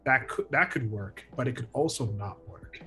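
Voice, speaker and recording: A man's voice: medium pitch, normal speed, pushed and bright, faint music behind. A man playing a tabletop game, thinking aloud through plans with frequent restarts. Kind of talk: casual game table chat.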